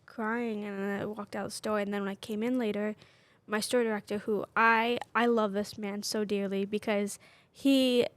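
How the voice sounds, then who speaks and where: A woman's voice: mid-range voice, flat delivery, normal speed, no room sound. A woman in her twenties co-hosting a podcast, talking openly and personally with many "like" fillers. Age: 20s. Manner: candid, personal, constant "like" fillers. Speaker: podcast co-host. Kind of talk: casual chat.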